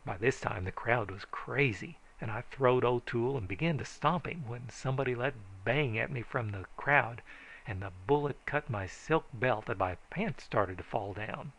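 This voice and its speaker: A man reading a frontier tall tale aloud as an audiobook, in a folksy first-person telling that rises to shouts for the characters. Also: medium pitch, moderate pace. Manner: folksy first-person storytelling, raising his voice for shouted lines. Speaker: audiobook narrator.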